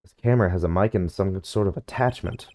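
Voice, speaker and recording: A man voicing a young male lawyer with a dry, weary, deadpan manner while reading game dialogue aloud. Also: deep voice, quick pace, pitched below the performer's own voice, close to an everyday voice.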